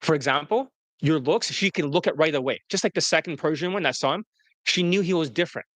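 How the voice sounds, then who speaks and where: A man's voice: on the high side, fast talker, fairly bright tone, dry recording. A man, a dating coach, telling stories to an interviewer in a blunt, profane, rambling way. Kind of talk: casual storytelling to an interviewer.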